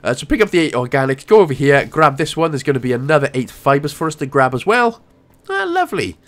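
A man's voice: medium pitch, expressive, fast, a bit bright. A young Welsh man giving casual, rambling gameplay walkthrough commentary with jokey asides. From Wales.

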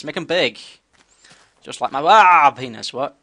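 Excitable man narrating his gameplay. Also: mid-range voice, slow. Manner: excitable, talks to himself, sudden yelps. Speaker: gameplay commentator. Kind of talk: casual gameplay commentary.

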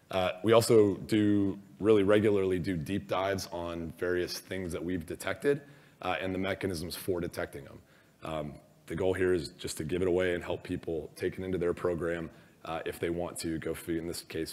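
A hoarse man who has lost his voice gives a casual, self-deprecating conference talk, with many ums and uhs. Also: sits low, a little mellow. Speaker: conference speaker. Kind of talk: conference presentation. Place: large conference hall. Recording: long reverb of a large hall.

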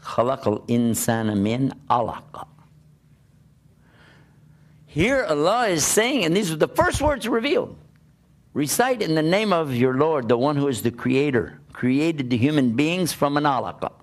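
A man giving a religious talk to an audience, lively and questioning, often acting out the voices of the people he quotes. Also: fairly high pitch, normal speed. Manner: animated, plays out quoted voices and asks rhetorical questions. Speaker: Islamic preacher.

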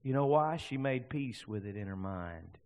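A man preaching a sermon as pastor, swinging between loud fervent bursts and hushed passages. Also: medium pitch, animated, normal speed.

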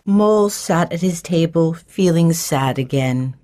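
A woman reading a children's storybook aloud in a slow, clear way for learners. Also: sits low, lively intonation, dark tone. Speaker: narrator. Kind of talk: scripted storybook narration.

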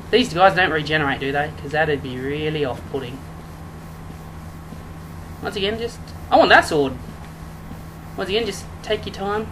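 A let's play gamer giving live commentary, yelping and shouting at the game, with sarcastic jokes to viewers. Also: mid-range voice, background noise. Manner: excitable, yelps and shouts at the game; sarcastic, joking asides to viewers.

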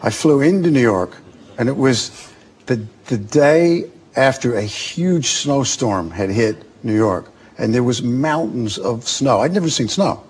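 An Australian actor in his forties, a talk-show guest telling lively anecdotes and acting out other people's voices. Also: mid-range voice, measured pace, a little hiss or hum. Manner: animated storyteller, acts out other voices. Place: television studio.

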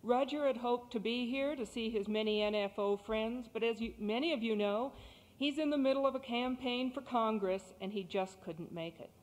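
A woman from Texas giving a prepared speech as guest speaker, crisp and articulate with light humor. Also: fairly high pitch, moderate pace. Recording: cassette recording in a reverberant hall.

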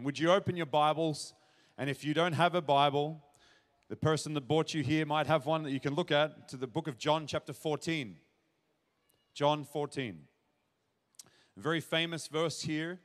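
A man preaches in a church auditorium, his voice sitting high for a man. He talks straight to the crowd with earnest conviction and pushes into emphatic questions. His words ring out with a long reverberant tail. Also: steady tone, normal speed. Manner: earnest, direct address to audience, builds to emphatic questions. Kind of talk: sermon.

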